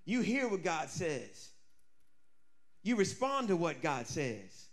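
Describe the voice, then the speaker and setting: A man's voice: on the high side, sing-song, slow pace, voice pushed down, heavily acted. A man voicing a scheming, threatening queen who talks in a mocking, menacing way. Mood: mocking threat.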